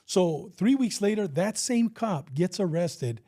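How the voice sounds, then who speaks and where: A man's voice: high-pitched, animated, unhurried, warm tone. A middle-aged man, a retired police officer, telling a story in casual conversation. He talks animatedly, acts out what people said, and swears freely.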